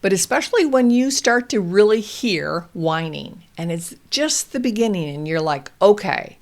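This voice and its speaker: A woman hosting a parenting show, explaining calmly and gently with example phrases for toddlers. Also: medium pitch, normal speed. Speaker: parenting podcast host. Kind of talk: calm instructional advice talk.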